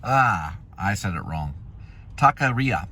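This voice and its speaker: A man's voice: on the low side, measured pace, slightly rough. A man who drives deliveries, talking to himself in his car as he reads out order details and muses aloud. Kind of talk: casual talking to himself while driving. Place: inside a car on the road. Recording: loud road noise in a car. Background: car and traffic noise.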